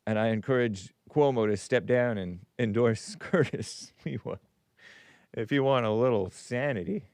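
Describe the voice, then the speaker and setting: A man's voice: mid-range voice, normal speed, clean tone, no room sound. A man hosting a call-in talk show, reading viewer messages and rambling with frequent restarts. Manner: rambling, animated, with frequent self-interruptions and restarts. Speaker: podcast host. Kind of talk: casual talk show monologue, reading super chats.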